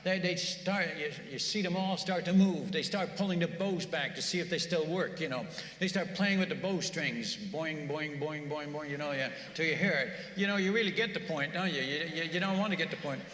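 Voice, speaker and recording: A man preaching in a church, telling a mission story in an animated, conversational way and often repeating words. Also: on the high side, fairly quick. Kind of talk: sermon storytelling. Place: church sanctuary. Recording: echoey church hall.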